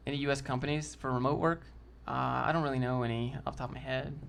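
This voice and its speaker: A man's voice: mid-range voice, steady tone, quick pace. A man hosting a casual livestream, answering chat in a loose, slangy way and calling people dude and bro.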